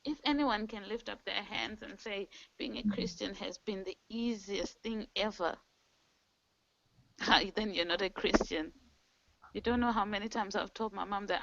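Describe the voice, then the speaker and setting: A woman's voice: medium pitch, unhurried, fairly bright tone, dry recording, lo-fi sound. A woman leading a team video call, giving an earnest, preachy motivational talk that cites scripture. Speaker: team leader hosting an online call.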